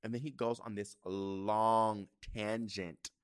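A man's voice: on the low side, little pitch movement, slow pace, clean tone, dry recording, clean studio sound. A man hosting a podcast, telling stories in a campy, profane, casual way and acting out his own reactions. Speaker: podcast host. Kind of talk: casual comedic storytelling.

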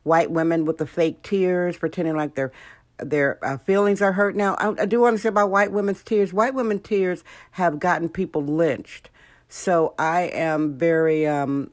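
An American woman hosts her podcast in a relaxed, chatty monologue. She speaks a little low, with a dry, close sound, and now and then acts out the people in her stories. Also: no echo. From United States. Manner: animated storytelling, acting out quoted voices. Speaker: podcast host. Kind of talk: casual monologue.

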